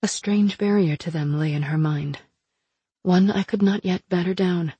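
A woman reading a first-person fantasy audiobook in an even, measured way. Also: fairly low pitch, slightly rough, no echo. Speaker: narrator.

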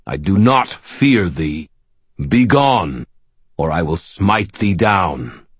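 A man puts on a vast, ancient being from an audiobook, speaking in stately, archaic phrases. The voice is resonant and very slow, each word weighed and formal. It is recorded close and dry, with no room sound. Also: deep voice, lively intonation, slightly rough, no room sound, heavily acted. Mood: stern. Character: huge unseen ancient being, solemn and formal. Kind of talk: audiobook character voice.

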